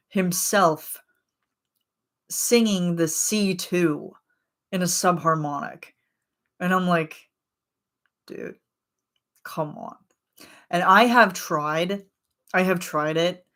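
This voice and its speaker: Low-voiced, rambling woman streamer. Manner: rambling and chatty, with frequent fillers and laughs. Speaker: livestream host. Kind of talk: casual livestream chat.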